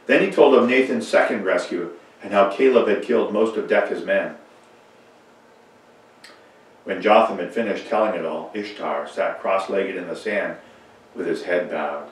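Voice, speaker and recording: Man, storybook reading, expressive, low pitch, heavy church echo. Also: normal speed. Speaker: reader. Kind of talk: reading a children's story aloud. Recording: echoey church from far off.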